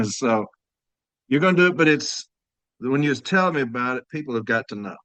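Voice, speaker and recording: A man's voice: medium pitch, lively intonation, fairly quick, fairly bright tone, no echo. A man hosting a podcast in a casual, chatty way, telling stories to his listeners and laughing easily. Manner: laid-back, laughing storyteller, addresses audience as y'all. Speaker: podcast host. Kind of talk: casual chat.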